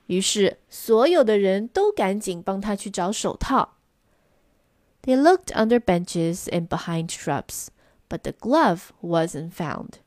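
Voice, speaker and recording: Woman storyteller, animated bilingual read-aloud, dry close mic. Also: medium pitch, unhurried, dry recording. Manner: expressive, lively storybook reading. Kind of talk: bilingual children's story reading.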